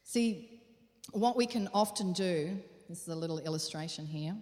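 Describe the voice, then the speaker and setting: A woman's voice: on the low side, normal speed, a little mellow. A woman preaching a sermon in an earnest, questioning way, repeating phrases for emphasis. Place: church hall. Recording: long hall reverb.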